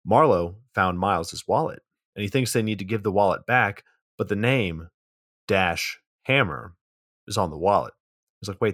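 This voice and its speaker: A man's voice: low voice, fairly bright tone, no room sound, clean studio sound. A man co-hosting a podcast, casually recapping a film plot, swearing freely and laughing mid-sentence. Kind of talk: casual movie recap chat.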